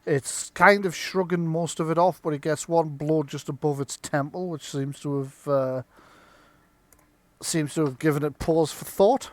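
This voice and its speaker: A man narrating as game master of a live-streamed tabletop game, halting with ums while he tallies dice and describes the fight. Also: on the high side, fairly even intonation, no room sound. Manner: halting, full of ums and restarts while tallying rolls.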